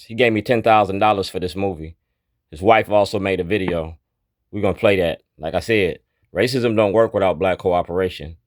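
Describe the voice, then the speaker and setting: A man's voice: lowish voice, no room sound, studio quality. A man, an activist, walking through his documentary and pointing things out one by one in a blunt, declarative way. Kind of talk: narrated documentary walkthrough.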